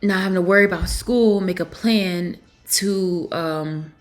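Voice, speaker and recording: A young mother from Pennsylvania speaking in a confessional vlog, emotional and halting, with many fillers. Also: fairly low pitch, faint music behind. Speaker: vlogger and mother.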